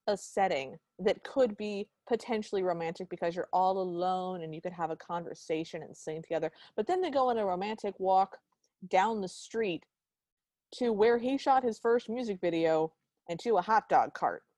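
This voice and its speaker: A woman's voice: mid-range voice, moderate pace, darkish tone, no echo. A woman co-hosting a podcast, recapping a film in casual chat with sarcastic, exasperated ranting. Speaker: podcast co-host.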